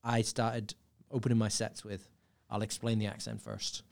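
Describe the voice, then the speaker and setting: A man's voice: on the low side, flat delivery, normal speed, vocal fry, a little mellow. A man with a mixed accent blending Scouse, Irish and American sounds, telling rambling stories as a podcast guest. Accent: mixed English, Scouse, Irish and American. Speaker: stand-up comedian guest. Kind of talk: casual podcast chat.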